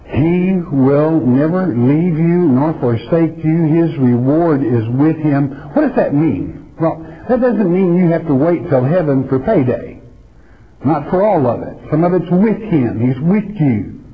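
A man preaching a sermon in a folksy, emphatic way, reading scripture slowly and deliberately. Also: a little high, lively intonation. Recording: dull lo-fi recording.

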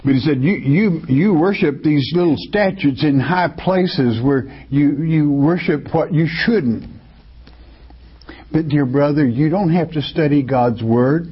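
A man's voice: a little high, unhurried, husky. A man preaching a sermon, reading Bible verses aloud and commenting emphatically. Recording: dull lo-fi recording.

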